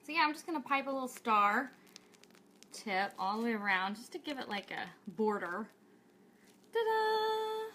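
A woman's voice: a little high, expressive, a little fast, pushed and bright, slight background noise. A woman hosting a cake decorating tutorial livestream, bubbly and chatty, thinking aloud as she works.

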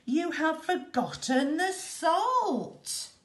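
A woman's voice: extremely high pitch, very animated, very slow, a bit bright, pitched above the performer's own voice, full character voice. A woman voicing a cheeky, clever young boy in a read-aloud storybook, in a sing-song teasing manner. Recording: echoey room.

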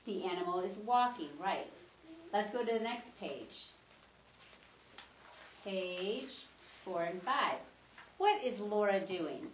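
A woman teacher leading a guided reading lesson with young children, encouraging and patient, modeling expressive reading aloud. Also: mid-range voice, slow pace, long pauses, a little hiss or hum. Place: classroom. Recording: echoey, dull classroom recording.

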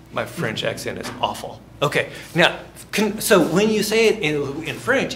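A man's voice: fairly high pitch, very animated, normal speed, fairly bright tone, a little hiss or hum. A male university instructor giving a classroom lecture. He asks the class questions and jokes between points. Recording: echoey classroom.

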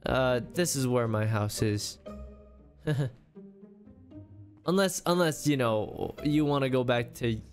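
A man's voice: medium pitch, slow pace, pauses often, soft background music. A man hosting a game role-play, awkward and stammering, often laughing.

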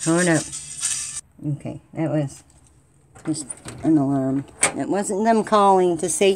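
A woman's voice: sits low, takes it slowly, pauses often, a little mellow, a little hiss or hum. A woman chatting casually outdoors on her vlog, coaxing squirrels and airing her frustrations. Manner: chatty, talks to animals, frustrated. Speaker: vlogger.

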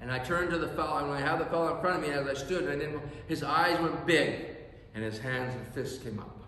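A man's voice: on the high side, fairly quick, fairly bright tone, a little hiss or hum. A man preaching a sermon as pastor, telling a story earnestly and with emphasis in a church. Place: church sanctuary. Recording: echoey church hall reverb.

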